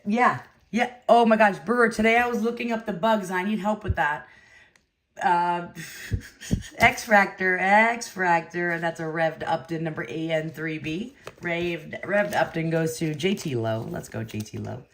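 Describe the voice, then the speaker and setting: A woman hosting a card break, chatting casually and rambling between pulls, with excited outbursts. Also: on the low side, measured pace, slight background noise. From California. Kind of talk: casual live-stream chat while opening cards.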